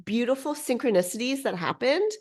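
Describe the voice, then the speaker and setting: A woman guest on a podcast, telling a story in a bubbly, excitable way, full of quick restarts. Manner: lively swings in pitch. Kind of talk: casual storytelling.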